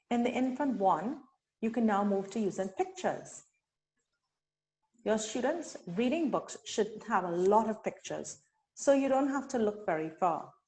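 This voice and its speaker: Her medium-pitched voice a little mellow, a Trinidad and Tobago woman runs an instructional teacher-training webinar, enunciating syllables slowly and with care.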